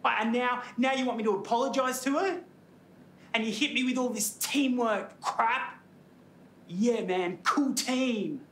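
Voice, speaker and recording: A man's voice: very high-pitched, unhurried, a bit bright, reverberant, a little hiss or hum. An actor with an Australian accent playing a fed-up young male retail worker, indignant and sarcastic.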